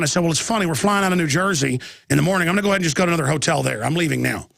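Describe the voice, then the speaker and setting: A radio host in his thirties with a Texan accent rambles through a long story, piling up restarts and acting out other people's lines. His voice sits high for a man and is gravelly. The sound is dry and close. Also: rapid-fire, fairly bright tone, no room sound. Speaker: radio talk show host. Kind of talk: live talk radio monologue.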